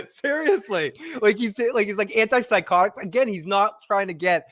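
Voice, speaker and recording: A man's voice: high-pitched, lively intonation, moderate pace, fairly bright tone, no echo. Laid-back man in dry close sound. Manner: laid-back, swears, laughs often. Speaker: podcast co-host. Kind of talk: casual TV recap chat.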